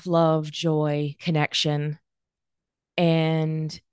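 A woman in her forties hosting a solo podcast, talking in an earnest, reflective way with halting pauses and fillers. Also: low-pitched, darkish tone, no room sound, clean studio sound. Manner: halting, many fillers and restarts. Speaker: podcast host.

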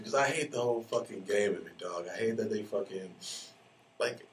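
Deep-voiced man ranting on his podcast. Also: a little fast. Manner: profane, ranting, animated storytelling. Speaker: podcast host. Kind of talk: casual podcast monologue. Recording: distant mic with faint background noise.

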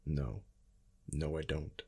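A man voicing a cold, commanding man who speaks in curt, quiet lines. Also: low voice, steady tone, a little fast, creaky, husky, full character voice.

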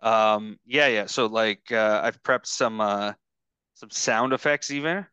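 A podcast host chatting casually over a video call, rambling and halting with lots of fillers. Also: male voice, lowish voice, pushed and bright, smooth, no echo. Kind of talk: casual chat.

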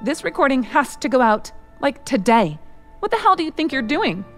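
A woman's voice: high voice, big pitch swings, moderate pace, a bit bright, voice pushed up. A woman voicing a bossy young female music executive who shrieks and sneers. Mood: angry. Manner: shrieking, scornful.

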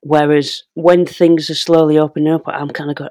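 A man's voice: a little high, level tone, moderate pace, hardly any pauses, darkish tone, no echo. A wry man speaking as a guest on a podcast, full of self-deprecating banter. His voice is recorded close, in a dry room. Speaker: comedian guest. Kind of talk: casual chat.

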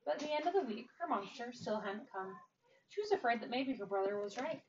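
A woman reading a children's picture book aloud in a gentle, expressive way. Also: a little high, a little fast. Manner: gentle, expressive, varies loudness. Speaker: storyteller. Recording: distant dull mic, faint hiss.

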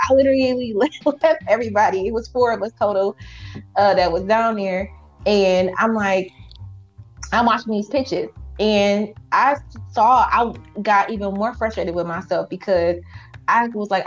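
A woman entrepreneur telling her story in a casual, animated way, acting out her own past lines. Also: mid-range voice, normal speed, dull audio, soft background music. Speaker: entrepreneur guest.

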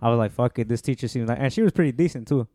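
A man's voice: mid-range voice, rapid-fire, mellow, dry recording. Young man, casual podcast co-host, rambling storyteller, dry close sound. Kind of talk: casual chat.

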